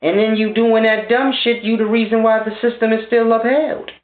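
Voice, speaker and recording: A man's voice: high-pitched, fairly even intonation, moderate pace. A man in his thirties delivering a blunt, scornful, profane monologue rant to his viewers. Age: 30s. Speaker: vlogger. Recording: tinny, phone-like and roomy.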